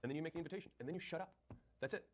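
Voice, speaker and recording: A man coaching on sales in a punchy, direct way, acting out both sides of sales calls and answering questions. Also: on the high side. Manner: rapid, punchy, acts out sales dialogue. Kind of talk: fast sales coaching talk.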